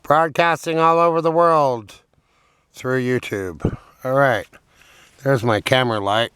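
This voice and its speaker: A man's voice: medium pitch, unhurried, fairly bright tone, clean tone. A man hosting a mock radio show from inside his van at night, talking casually and rambling with jokes to himself. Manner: rambling, joking, talks to himself. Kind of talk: casual late-night monologue. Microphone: camera on a tripod.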